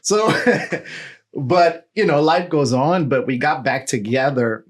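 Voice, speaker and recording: A man in his forties, a pastor, telling his personal testimony in a lively storytelling way, full of "you know" and "right?". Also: on the high side, takes it slowly. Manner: animated storytelling with filler words.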